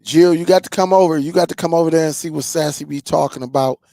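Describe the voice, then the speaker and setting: Male streamer, casual rambling chat, laughs a lot, gravelly fry, dry close sound. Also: fairly high pitch, fast talker, dark tone, dry recording. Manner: loose, rambling, laughs often, addresses viewers directly. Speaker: streaming tech channel host. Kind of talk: casual livestream chat with viewers.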